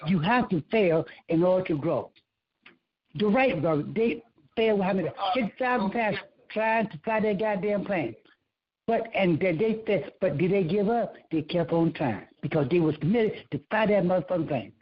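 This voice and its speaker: A man giving a casual motivational rant, preachy and profane, repeating himself, with a husky voice. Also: high-pitched, moderate pace, dull audio.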